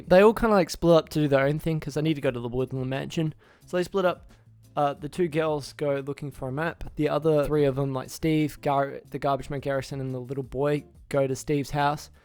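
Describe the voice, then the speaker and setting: A man's voice: on the high side, a little mellow, dry recording. A man casually recapping a film's plot for his channel, rambling, restarting names and acting out the characters' lines. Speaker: YouTuber reviewing a film.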